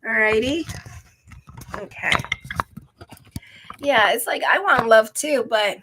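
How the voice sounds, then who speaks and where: A middle-aged woman astrologer chatting through her weekly tarot horoscope. Her voice sits a little high, and she rambles candidly, laughing often and drifting into lively personal asides. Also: takes it slowly, noisy background. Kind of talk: casual chatty horoscope vlog.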